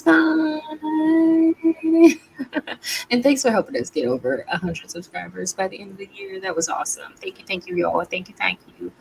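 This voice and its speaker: A young woman giving a casual, animated movie-review rant, laughing often. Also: a little high, vocal fry, a little hiss or hum, poor audio. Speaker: video creator reviewing movies. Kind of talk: casual ranting review vlog.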